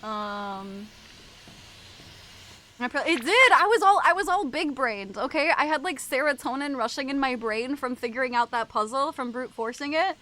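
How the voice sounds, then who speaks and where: A woman's voice: sits high, expressive, moderate pace, bright, forceful tone. A young woman streaming a horror game, chatting casually with her viewers, swearing often and breaking into screams and laughs. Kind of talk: casual gameplay chat with chat.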